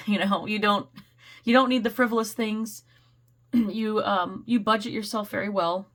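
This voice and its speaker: A woman giving a casual, rambling tarot reading, slightly hoarse, clearing her throat and laughing often. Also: medium pitch, moderate pace, a bit bright. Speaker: tarot reader.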